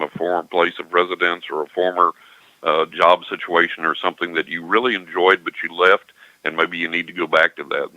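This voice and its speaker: An older man with a West Texas accent, giving calm, reassuring psychic readings on a call-in radio show. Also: low voice, dry recording, lo-fi sound. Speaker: psychic medium guest.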